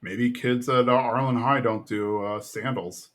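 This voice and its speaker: Male podcast co-host, mid-pitched, loose and chatty, pops into higher voices for quoted lines. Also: steady tone, a little slow, a bit bright. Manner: retells scenes, acting out quotes in a raised voice. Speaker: podcast co-host recapping episodes. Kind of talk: casual recap chat.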